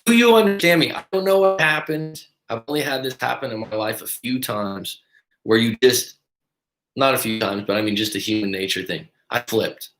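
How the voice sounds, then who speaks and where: A man coaching people through breakups tells a personal story in a casual, animated way and acts out what others said. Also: mid-range voice, normal speed, faint music behind. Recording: roomy echo.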